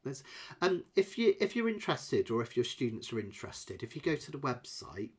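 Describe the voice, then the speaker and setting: This middle-aged man teaches ukulele and is hosting a live Q&A lesson at home. He talks a little fast in a medium-pitched, sing-song, slightly rough voice, wandering off on tangents, filling pauses, and making self-deprecating remarks.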